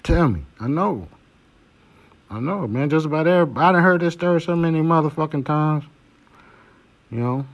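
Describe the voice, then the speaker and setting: A man's voice: a little high, animated, normal speed, pauses often. A man hosting a podcast, giving blunt, preachy advice with heavy cursing. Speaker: podcast host. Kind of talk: profane monologue.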